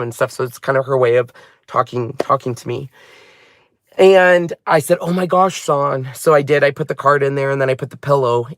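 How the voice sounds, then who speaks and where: A man hosting a crafting channel, telling a personal story in a halting, heartfelt way. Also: mid-range voice, fairly bright tone, no echo, clean studio sound.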